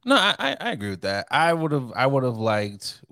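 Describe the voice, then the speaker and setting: A man's voice: medium pitch, moderate pace, vocal fry, no echo, studio quality. A man co-hosting a casual podcast chat, joking and acting out quotes as he talks. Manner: animated, joking, acts out quotes. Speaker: podcast co-host.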